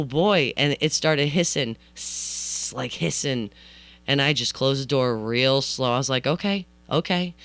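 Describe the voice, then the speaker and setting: A woman's voice: low voice, dry recording. A woman hosting a podcast who tells a comic story with chatty asides to the listener and acts out the quoted lines. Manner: animated, acts out quoted dialogue. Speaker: podcast host.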